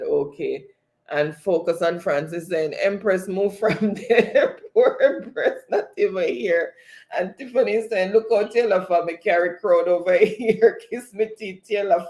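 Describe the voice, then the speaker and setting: Gravelly Jamaican man hosting a quiz. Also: fairly high pitch, darkish tone. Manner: reads chat aloud, laughs often. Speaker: livestream quiz host. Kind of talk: casual livestream chat.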